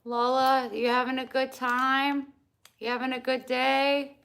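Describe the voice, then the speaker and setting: A middle-aged woman vlogging casually, chatting and loudly scolding her dog. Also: high voice, monotone, unhurried, creaky, smooth. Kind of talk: casual vlog talking to her pets.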